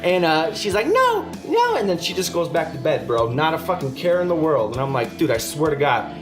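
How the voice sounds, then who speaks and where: A man's voice: a little high, fairly quick, music in the background. A man co-hosting a podcast, telling a story in casual, swearing chat. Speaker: podcast co-host.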